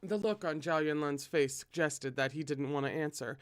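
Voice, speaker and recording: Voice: medium pitch, normal speed, dry recording. A fan reader reading a novel aloud, with chatty asides to viewers. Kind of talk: casual read-aloud of a novel.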